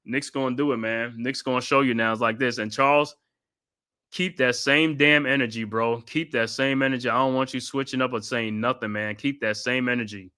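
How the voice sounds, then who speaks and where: A man from New York hosting a live stream of excited postgame fan commentary, trash-talking and constantly repeating his catchphrases. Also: medium pitch, brisk, clear, resonant tone. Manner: laughs often, trash-talking rival fans. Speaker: sports live-stream host.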